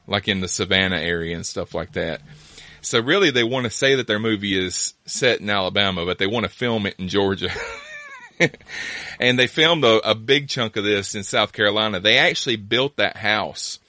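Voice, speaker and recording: A man's voice: fairly low pitch, bright, forceful tone, no room sound. A man hosting a casual chat, rambling through asides and laughing easily.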